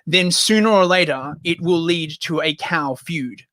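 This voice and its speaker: A man's voice: on the high side, a little slow, fairly bright tone, dry recording. A man co-hosting a casual podcast, rambling and jokey, slipping into silly voices. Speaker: podcast co-host.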